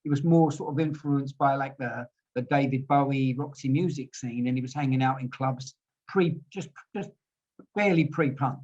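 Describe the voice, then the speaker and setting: A man's voice: mid-range voice, moderate pace, a little mellow. A man in his sixties telling rambling stories as an interview guest, often repeating words as he goes. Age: 60s. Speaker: guest musician. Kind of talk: storytelling interview. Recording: dull lo-fi audio.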